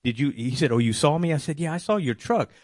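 A man telling a personal faith testimony, animated and acting out his own worried words. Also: on the high side, fast, dry recording, clean studio sound. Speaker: testimony speaker.

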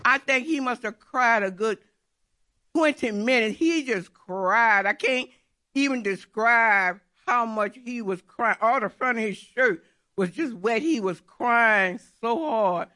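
A woman's voice: a little high, animated, takes it slowly, pushed and bright. A middle-aged woman telling a personal faith testimony in an earnest, repetitive storytelling way. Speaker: churchgoer giving testimony.

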